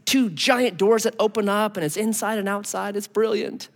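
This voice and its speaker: A man's voice: high-pitched, fairly even intonation, moderate pace, creaky. A man imitating a young bride gushing about her wedding church.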